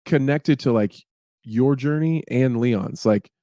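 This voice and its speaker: A man chatting casually as a podcast co-host, excitable and swearing often. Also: mid-range voice, takes it slowly, no echo, clean studio sound. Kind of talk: casual chat.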